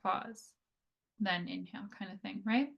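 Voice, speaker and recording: A woman occupational therapist giving an educational lecture on breathing, talking conversationally with frequent fillers like "right?" and "like", and slowing down to demonstrate calm breathing. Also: medium pitch, highs cut off.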